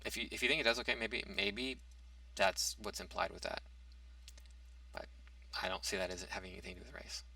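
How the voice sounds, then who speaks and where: Male commentator, low gravelly voice, hesitant restarts, dry recording from a distance. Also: fairly quick, long pauses, sharp tone, no room sound. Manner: argumentative, reads out a topic then rebuts it. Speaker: commentary vlogger. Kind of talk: casual opinion monologue.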